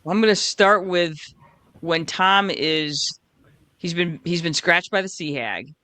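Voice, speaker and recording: A podcast co-host in casual chat, enthusiastically retelling scenes with short pauses. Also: mid-range voice, pushed and bright, clean tone.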